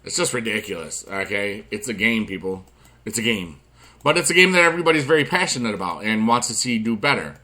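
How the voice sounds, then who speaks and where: Male gaming host, bright tone, chatty rambling commentary with sudden loud bursts. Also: fairly low pitch, fast talker. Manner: rambling, chatty, drifts from quiet asides to loud excited bursts; addresses viewers directly with friendly advice. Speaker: YouTube gaming channel host.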